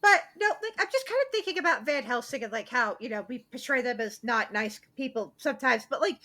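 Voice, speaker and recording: High, bright, ranting woman. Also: lively intonation, brisk. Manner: ranting, emphatic, swears. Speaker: podcast co-host. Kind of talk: casual chat.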